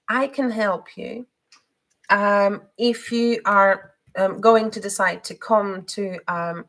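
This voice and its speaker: Unhurried female card reader, mid-pitched, gentle halting delivery full of fillers. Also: poor audio. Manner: slow, halting, many fillers and restarts. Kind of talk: live card reading.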